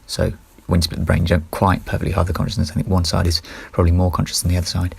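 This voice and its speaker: Racing along with hardly any pauses, this solo vlogger speaks in a low, monotone, gravelly and slightly rough voice, recorded without echo. He rambles offhandedly through his ideas in a casual monologue, frequently correcting himself mid-sentence.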